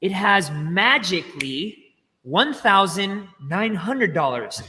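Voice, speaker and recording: A man explaining banking step by step in casual livestream chat, chatty and quick to laugh. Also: high voice, sing-song, sharp tone, long reverb tail, slight background noise. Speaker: finance educator guest.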